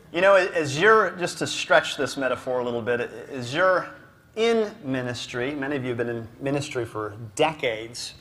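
A man's voice: on the high side, fairly bright tone. A man speaking to a ministry gathering, telling a humorous story with a self-deprecating manner, laughing often and restarting his sentences.

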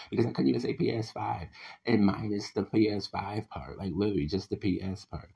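Deep husky guy ranting and cussing into a voice memo, lots of "like". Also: normal speed, muffled recording. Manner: profane, animated venting with many "like" fillers. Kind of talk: casual ranting monologue. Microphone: voice message recording.

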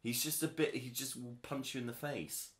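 A man's voice: medium pitch, fairly even intonation, moderate pace, echoey room. A man co-hosting a podcast in casual chat, teasing and argumentative, laughing often. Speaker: podcast co-host.

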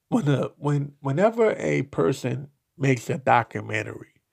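A man giving blunt, profane solo commentary, slow and halting, with frequent restarts. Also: mid-range voice, vocal fry, a little mellow. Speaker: podcast commentator.

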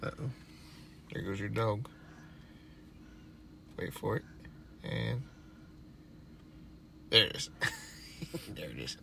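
Young man, podcast co-host, bright edgy tone, acts out every quote with swearing. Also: fairly low pitch, takes it slowly, vocal fry, pauses often, a little hiss or hum. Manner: animated storyteller, acts out quotes, swears freely. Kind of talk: casual chat.

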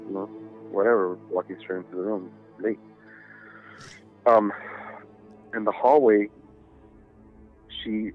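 A man with a lowish voice tells a story in loose, rambling chat, swearing freely and leaning on "you know". He sounds thin and tinny, as if over a phone line, with faint music behind him. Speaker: podcast guest.

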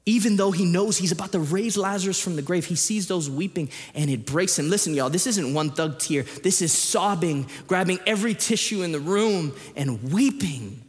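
A man, his fairly high voice ringing out with a long hall reverb. He tells stories with lively energy, then drops to a hush before building back to loud emphasis. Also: moderate pace, hardly any pauses. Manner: animated storytelling, jumps between hushed reading and loud emphasis. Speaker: pastor. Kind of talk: sermon. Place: church auditorium.

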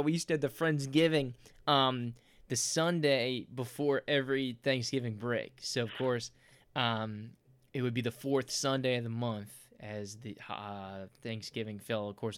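Podcast co-host, male, smooth clear voice, loose rambling delivery with frequent laughs. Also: mid-range voice, fairly even intonation, normal speed, fairly bright tone, no echo. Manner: laughs often, rambling storyteller. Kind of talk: casual chat.

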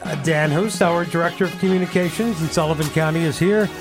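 A man's voice: on the high side, fast talker, music in the background. A man hosting a morning radio show, bantering and teasing his guests with frequent laughs. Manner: teasing, jokey, laughs often.

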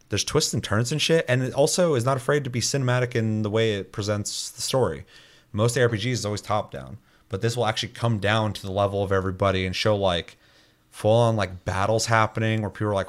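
Casual, profane man rambling about games. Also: on the low side. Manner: loose, profane, rambling with many fillers; mimics people in quick asides. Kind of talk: casual chat.

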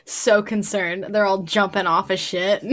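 A young adult woman in casual chat, telling animated stories with frequent laughter and swearing. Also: mid-range voice, measured pace, a little hiss or hum.

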